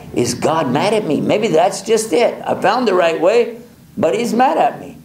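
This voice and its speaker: A male preacher telling a personal story in a lively way, chuckling and acting out the dialogue. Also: sits high, unhurried, slight background noise. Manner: animated, chuckles often, acts out dialogue. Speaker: Islamic preacher. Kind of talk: storytelling lecture. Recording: echoey hall with faint ambience.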